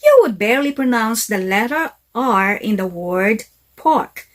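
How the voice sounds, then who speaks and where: A woman giving a scripted English lesson, speaking deliberately and carefully. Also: on the high side, expressive. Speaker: English teacher. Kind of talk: slow scripted lesson narration.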